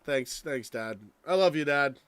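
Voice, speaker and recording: A man's voice: fairly high pitch, animated, measured pace, clear, resonant tone, no room sound. Rambling, profane young man ranting on a stream. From United States. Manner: rambling, profane, with frequent restarts. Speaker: live stream host. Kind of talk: casual late-night livestream rant. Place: home, indoors.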